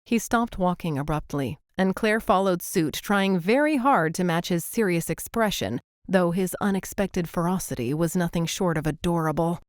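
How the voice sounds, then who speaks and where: A woman narrating a romance audiobook, smooth and gently expressive. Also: on the low side, moderate pace, no room sound, studio quality.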